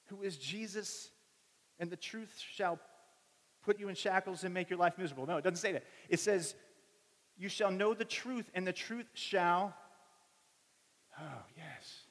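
A man in his thirties preaching a sermon, telling family stories in an animated way and acting out everyone's voices. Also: high voice, a little slow, long pauses. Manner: animated storytelling, acts out voices of family members. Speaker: pastor. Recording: long reverb of a large hall.

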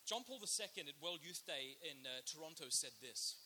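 A man giving an animated storytelling talk to an audience as a Catholic speaker, sometimes dropping to a dramatic whisper. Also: on the high side, moderate pace, a little hiss or hum, rough recording.

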